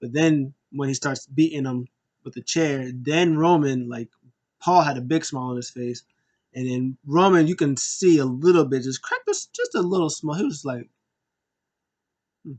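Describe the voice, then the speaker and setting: A man giving a casual, excitable recap of a wrestling show, acting out scenes in raised voices. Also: mid-range voice, moderate pace.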